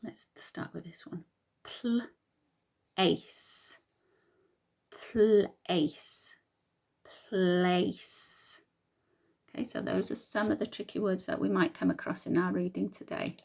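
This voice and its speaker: A woman teacher reading a picture book aloud to young children, slow and patient, sounding out words. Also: lowish voice, fairly even intonation, gravelly, darkish tone, slightly rough.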